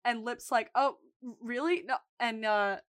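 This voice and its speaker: A woman co-hosting a podcast, retelling scenes in animated casual chat and acting out the quotes. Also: on the high side, unhurried, no echo. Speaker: podcast co-host recapping episodes.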